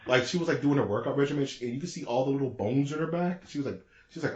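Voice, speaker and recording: A man co-hosting a podcast in casual chat, talking in an excitable, rambling, slangy way. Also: mid-range voice, very fast, few pauses, roomy sound, dull audio. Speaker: podcast co-host.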